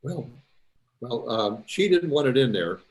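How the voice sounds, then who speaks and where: A man's voice: mid-range voice, very animated, a little slow. A man presenting a photo-editing demo to a club in a folksy, instructive way.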